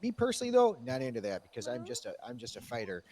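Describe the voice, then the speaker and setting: A man's voice: medium pitch, huge pitch swings, quick pace, warm tone. A man telling a rambling, profane tall tale in character during a role-play game. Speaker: role-playing police character.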